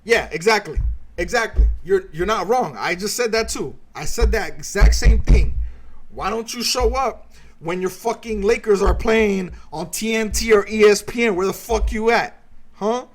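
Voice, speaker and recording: A man's voice: high-pitched, normal speed. A man streaming a heated, sarcastic reaction rant, swearing constantly as he mocks what he watches.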